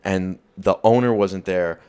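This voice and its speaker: A man with a New York accent tells rowdy stories from his college bar days in a loose, profane podcast chat. His voice sits fairly low, and he slips into the voices of shouting drunks and bartenders. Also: measured pace, clear, resonant tone. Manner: profane, animated storyteller, acts out rowdy drunks. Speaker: podcast co-host. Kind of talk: casual storytelling chat.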